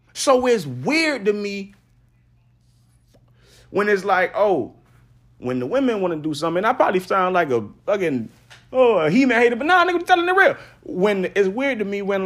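A young adult man hosting a podcast, ranting casually and swinging from loud trash talk to low mutters. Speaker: podcast host.

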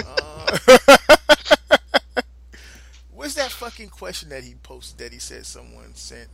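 A man hosting a casual podcast chat, loud and emphatic, swearing often and breaking into laughs. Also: mid-range voice, very animated, slow pace, creaky, crowd noise. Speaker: podcast host.

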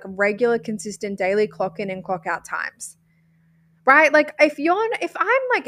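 Woman, Australian accent, podcast host, fairly high voice, expressive, swears casually, repeats words for emphasis. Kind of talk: casual motivational podcast monologue.

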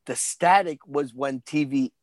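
A man in his forties co-hosting a podcast, telling stories in a profane, animated way during a casual chat about a movie. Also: mid-range voice, a little slow, no echo. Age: 40s. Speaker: podcast co-host.

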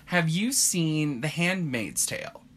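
A man's voice: fairly high pitch, slow pace, a little hiss or hum. A man talking casually on a podcast, his voice rising and dipping constantly as he rambles through his thoughts. He leans on filler words and laughs easily. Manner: rambling, heavy use of "like", lively and laughing. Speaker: podcast co-host. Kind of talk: casual chat.

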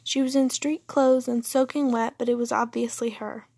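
A woman narrating a fan story aloud in a steady reading voice, husky and gravelly. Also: a little high, moderate pace, dry recording.

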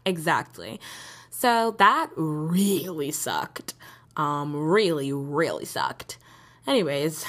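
Young woman, podcast host, rambling casual storytelling, lively swooping pitch, frequent laughs. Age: young adult. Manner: animated, rambling, laughs often.

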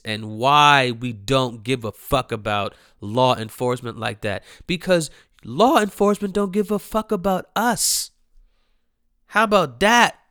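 Man, fed-up commentator, blunt repetitive rant, slightly high and tense. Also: bright, forceful tone, clean tone, no echo, studio quality. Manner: angry, blunt, repetitive, profane. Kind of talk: profane ranting commentary.

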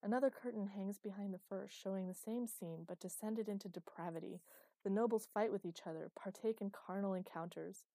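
A woman's voice: medium pitch, steady tone, brisk, dark tone, no echo, lightly acted. A woman voicing a cheerful young female writer who runs a fantasy game with sadistic glee. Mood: narrating. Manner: cheerful and teasing.

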